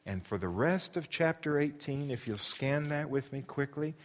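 A man preaching a sermon in an expressive way, asking his listeners questions. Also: fairly high pitch, moderate pace, big-room sound. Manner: expressive, shifts into dramatic readings.

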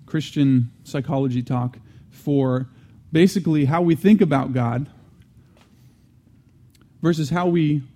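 Earnest man teaching a warm sermon. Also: on the high side, unhurried, pauses often. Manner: earnest, repeats and restates key phrases; frequent restarts and fillers, conversational asides. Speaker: Christian teacher.

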